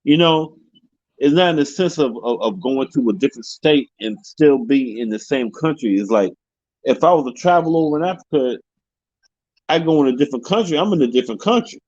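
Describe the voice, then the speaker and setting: A man in casual chat, halting, repeating words as he searches for them. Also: medium pitch, lively intonation, darkish tone, no room sound, muffled recording. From United States.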